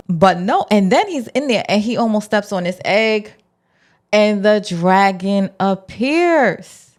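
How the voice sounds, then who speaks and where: A woman's voice: mid-range voice, big pitch swings, moderate pace. A woman hosting her own channel, recapping a TV episode in a casual, slangy way and acting out her reactions as she goes. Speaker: show recap host.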